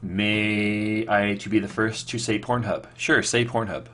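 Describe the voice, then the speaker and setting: A man's voice: on the low side, fairly even intonation, measured pace, fairly bright tone. A man chatting casually on a live stream, reading viewer questions aloud and answering off the cuff, rambling with lots of fillers and restarts.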